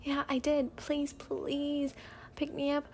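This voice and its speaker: A woman voicing a frightened young woman who pleads in a shaky, breathy voice, in a soft-spoken ASMR fanfic reading. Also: high voice, completely flat delivery, takes it slowly, a little hiss or hum. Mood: scared, pleading.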